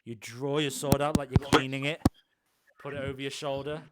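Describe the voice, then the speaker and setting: A man's voice: mid-range voice, flat delivery, moderate pace, heavy background noise. Young male GM, loose rambling narration, lots of ums, tabletop one-shot. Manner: rambling, many ums and restarts. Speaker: game master. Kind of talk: improvised tabletop game narration.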